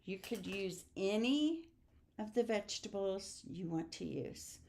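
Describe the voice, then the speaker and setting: A woman's voice: medium pitch, lively intonation, measured pace, heavy background noise. Woman in her sixties, craft class host, chatty, homey, demonstrating step by step. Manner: chatty, homey, sings snippets and laughs.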